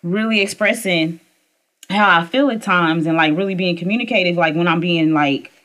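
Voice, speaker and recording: Young adult woman, podcast co-host. Slightly low pitch; playful, profane, laughs easily. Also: normal speed, a bit bright. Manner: playful, profane, laughs often, acts out quotes. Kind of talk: casual chat.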